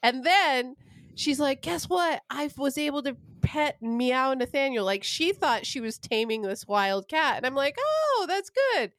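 Woman, young adult, casual storyteller, profane, rambling, higher voice, dry sound. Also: a little slow, no room sound. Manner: rambling, profane, animated anecdote-telling.

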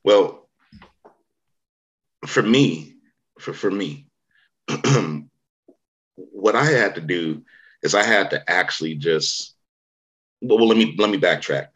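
Deep-voiced man, bright and forceful. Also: expressive, slow pace, long pauses, husky, low-quality recording. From Vallejo, Bay Area, California. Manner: rambling storyteller, many fillers and restarts. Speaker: actor, interview guest. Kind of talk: casual interview conversation.

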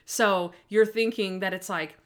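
A woman co-hosting a podcast, casually recapping a TV episode in an animated way, full of "like"s. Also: medium pitch, measured pace. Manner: animated retelling with many "like"s, acting out scenes. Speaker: podcast co-host.

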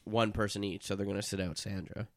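A man's voice: on the low side, flat delivery, fast, no echo. A man co-hosting a podcast, chatting in a laid-back, matter-of-fact way. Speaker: podcast co-host. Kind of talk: casual chat.

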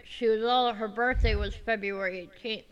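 A woman's voice: a little high, steady tone, normal speed, muffled recording. A woman chatting casually on a podcast, teasing the others with dry humor. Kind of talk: casual chat.

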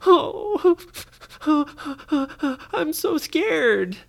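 A storyteller voicing a timid little girl adventurer in a bedtime story, with a high, shaky, stammering voice. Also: very animated, takes it slowly, full character voice. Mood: frightened.

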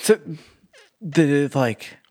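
A man's voice: a little high, lively intonation, extremely slow, dark tone, no echo, clean studio sound. A young man co-hosting a podcast, chatting casually through a movie review, rambling with lots of filler words, cursing and laughing often. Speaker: podcast co-host.

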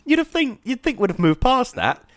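A man, chatting casually on a podcast, animated and acting out quoted voices as he talks. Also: extremely high pitch, brisk, no room sound. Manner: animated, acts out quoted voices, frequent "do you know what I mean". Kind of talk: casual chat.

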